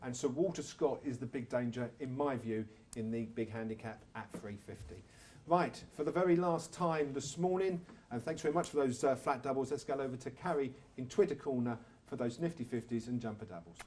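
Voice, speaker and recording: A man's voice: medium pitch, fairly quick, darkish tone. A man hosting a horse racing show, hesitant and repeating words as he links segments. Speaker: host.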